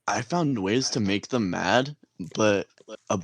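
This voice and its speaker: A young man casually telling army stories, swearing a lot and laughing as he acts out shouted orders. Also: on the low side, lively intonation, slow pace, no echo. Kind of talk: casual chat.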